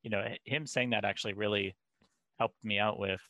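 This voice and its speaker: A man's voice: fairly low pitch, steady tone, brisk, bright, forceful tone, no room sound, lo-fi sound. A man co-hosting a casual podcast, easygoing and rambling as he thinks aloud. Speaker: podcast co-host. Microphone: headset mic.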